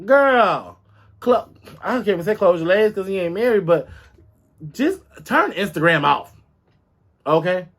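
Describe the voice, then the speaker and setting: A man hosts a casual celebrity gossip chat. He talks in a sassy, animated way and keeps calling his listeners girl and baby. His voice sits a little high for a man. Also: moderate pace, long pauses. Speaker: podcast host.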